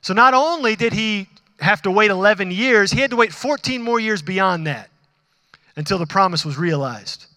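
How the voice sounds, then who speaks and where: A man's voice: high voice, normal speed, no room sound, studio quality, long reverb tail. A man preaching a sermon as a pastor, talking conversationally, asking the congregation questions and acting out dialogue with God. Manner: acts out dialogue with God in animated bursts.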